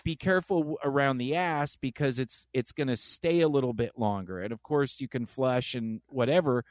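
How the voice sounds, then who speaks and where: Speaking at normal speed in a medium-pitched voice, a man hosts a casual podcast and tells lively stories, putting on voices for the characters. There's no echo.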